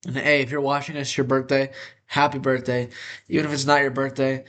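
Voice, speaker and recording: A man's voice: mid-range voice, brisk. Upbeat young man with a congested nose. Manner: upbeat and energetic. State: congested, nasal. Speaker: host. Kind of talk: casual sports talk.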